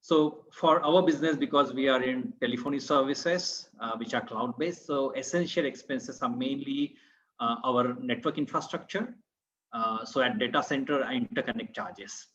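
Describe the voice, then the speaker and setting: A man on an online business panel, explaining step by step with frequent pauses. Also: mid-range voice, fairly bright tone, dull audio. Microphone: video call.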